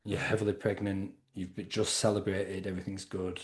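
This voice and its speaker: Deep-voiced, steady male podcast host. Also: a little fast. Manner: calm, sums up the guest's story back to her. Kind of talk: interview.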